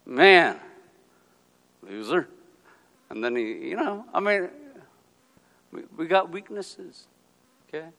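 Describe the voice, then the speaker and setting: A man preaching a sermon in an animated way, acting out quotes and swinging between quiet asides and loud, emphatic lines. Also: sits high, a little slow, creaky, pauses often, long reverb tail. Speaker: pastor.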